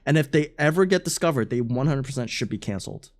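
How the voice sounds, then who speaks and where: Animated, slangy streamer reacting live. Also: mid-range voice, quick pace. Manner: animated, laughing, swearing, loose slang. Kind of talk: casual live reaction commentary.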